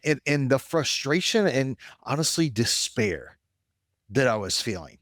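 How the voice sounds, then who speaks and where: A man co-hosting a casual podcast, telling stories in an animated way that swings between excitement and deflation. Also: mid-range voice, a little slow, no echo, clean studio sound. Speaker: podcast co-host. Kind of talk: casual conversational podcast chat.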